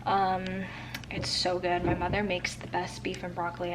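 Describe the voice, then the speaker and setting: A woman's voice: fairly low pitch, completely flat delivery, normal speed, noisy background. A young woman and student talking casually to her viewers in a day-in-my-life vlog, chatty and full of "like" fillers. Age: young adult. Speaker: vlogger.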